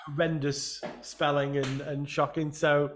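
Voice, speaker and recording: A man hosting a casual interview chat, upbeat and quick to laugh with enthusiastic reactions. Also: fairly high pitch, little pitch movement, a little hiss or hum. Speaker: host.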